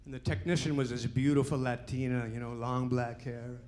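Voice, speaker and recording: A man's voice: medium pitch, level tone, a little fast, a little mellow. A man in his sixties doing a stand-up comedy set in a club, delivering punchy jokes with lots of "you know" tags. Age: 60s.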